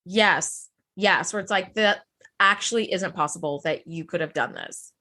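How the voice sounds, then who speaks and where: A woman's voice: lowish voice, normal speed. A woman co-hosting a podcast, chatting casually about an episode and acting out the characters' lines. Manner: animated, acts out characters' lines. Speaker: podcast co-host. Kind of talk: casual chat recapping an episode.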